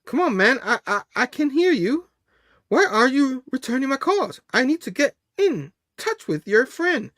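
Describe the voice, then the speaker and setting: Guy doing a pushy caller voice, high and loud, wheedling and insistent, dry close sound. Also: sing-song, normal speed, no room sound, heavily acted. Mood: pleading. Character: pushy adult male caller pestering Peter.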